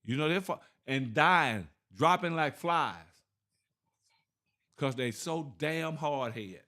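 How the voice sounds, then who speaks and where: A man with teaching scripture informally, asking rhetorical questions, laughing and reading verses slowly. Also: fairly high pitch, lively intonation, sharp tone. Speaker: Bible teacher.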